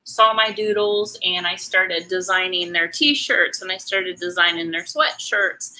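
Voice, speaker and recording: A woman's voice: lowish voice, a little slow, bright, forceful tone, rough recording. A middle-aged woman chatting casually while she paints, answering viewer comments in a rambling way with many ums and restarts. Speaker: artist hosting a live painting stream.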